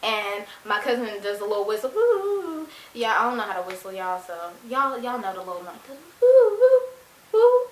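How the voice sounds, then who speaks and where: A young woman telling a casual storytime to her viewers, animated and acting out voices. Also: mid-range voice, fast, hardly any pauses. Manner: animated, addresses viewers as y'all, acts out quotes. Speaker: vlogger. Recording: echoey room.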